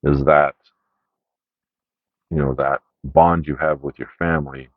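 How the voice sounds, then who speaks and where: A man's voice: rumbling low, level tone, measured pace, dry recording. A man hosting a casual media haul video, rambling through his picks with lots of fillers and "right?" check-ins. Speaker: media collection haul host. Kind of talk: casual unscripted video review. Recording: dry, dull lo-fi sound.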